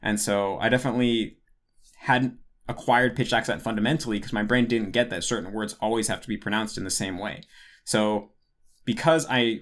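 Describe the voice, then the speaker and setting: This host's voice is fairly low and a bit bright. He's a young man answering patrons in a casual Q&A monologue, rambling along, correcting himself, and saying "like" again and again.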